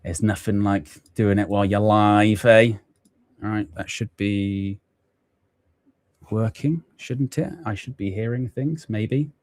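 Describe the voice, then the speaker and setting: Low-voiced man hosting a live fan watchalong. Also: slow pace, a little mellow, no echo. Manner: chatty, thinking aloud while fiddling with his setup. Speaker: fan channel host.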